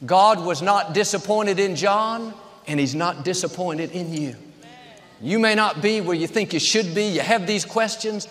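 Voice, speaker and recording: A man's voice: high-pitched, measured pace, a bit bright, long reverb tail. A man preaching a sermon as a pastor, with an emphatic cadence built on short, repeated phrases.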